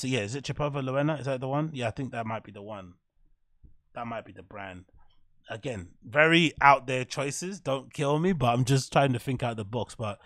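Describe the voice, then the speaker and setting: Man for a fashion podcast solo, loose, swears a lot, mid pitch, dead dry close mic. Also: dry recording. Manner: swears freely, thinks out loud, trails off. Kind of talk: casual rambling monologue.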